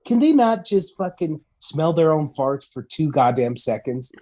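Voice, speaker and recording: A man's voice: on the high side, sing-song, a little slow, mellow. Man ranting, swearing heavily. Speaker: podcast co-host. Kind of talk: profane comedic rant.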